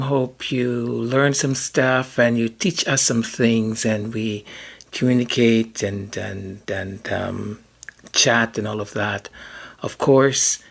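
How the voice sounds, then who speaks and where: A man's voice: on the low side, creaky. A man hosting a podcast in a casual, rambling, hesitant monologue. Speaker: podcast host.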